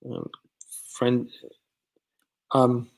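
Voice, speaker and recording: A man hosts a casual live stream from a studio set. He rambles between topics with plenty of ums and uhs, reading out viewer comments and answering them as he goes. His voice sits at an ordinary middle pitch. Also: monotone, very slow, vocal fry, a little mellow. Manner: rambling, many fillers, reads viewer comments aloud. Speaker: producer hosting a live stream. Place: studio set of a starship bridge.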